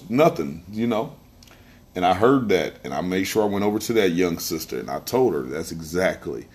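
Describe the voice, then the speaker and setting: Emphatic man, lively low voice. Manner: emphatic, repeats phrases, addresses listeners directly. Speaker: podcast host. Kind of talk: casual storytelling monologue.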